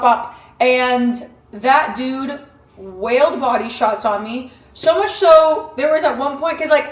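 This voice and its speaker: Profane, animated young woman vlogging. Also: high voice. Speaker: vlogger training for a boxing match. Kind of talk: casual vlog talk to camera. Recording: echoey room.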